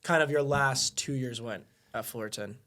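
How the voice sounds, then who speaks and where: A man co-hosting a podcast, reacting with quick encouraging comments and follow-up questions. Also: medium pitch, bright, forceful tone. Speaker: podcast co-host. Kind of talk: casual chat.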